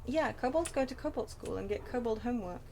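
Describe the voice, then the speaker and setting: A woman's voice: a little high, lively intonation, fast. Rambling British woman streamer, noisy line. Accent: British English. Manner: rambling, chatty, self-deprecating asides. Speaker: game streamer. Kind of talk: casual chat while playing a game. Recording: noisy home stream audio.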